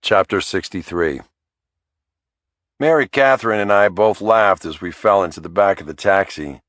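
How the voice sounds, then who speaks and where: A man narrating a thriller audiobook in the first person, in a wry, measured storytelling manner. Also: deep voice, fairly bright tone, no room sound, clean studio sound.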